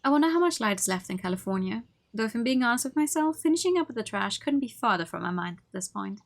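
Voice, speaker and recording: A woman's voice: on the high side, fast. Woman narrating a game on stream. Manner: expressive narration with laughs and asides. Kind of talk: reading a visual novel aloud on stream.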